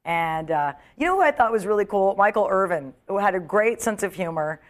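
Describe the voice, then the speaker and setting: A woman's voice: medium pitch, fairly quick. Chatty comedian woman telling stories. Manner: chatty, animated storyteller, acts out quotes. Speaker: comedian guest. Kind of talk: casual talk-show chat.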